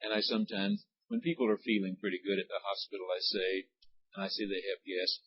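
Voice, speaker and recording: A man leading a church Bible study, reading scripture aloud and pausing to explain words and their pronunciation. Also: low-pitched, little pitch movement, husky, highs cut off. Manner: reads passages aloud, then stops to explain words and pronunciation. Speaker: Bible study teacher, pastor. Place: church classroom.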